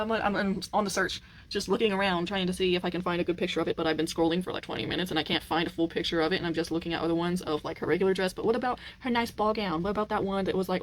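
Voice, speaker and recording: A woman in a casual, chatty vlog rambles and sounds exasperated, often laughing as she works on a furniture project at home. Her voice is medium-pitched with fairly even intonation, and she races along. The audio quality is poor.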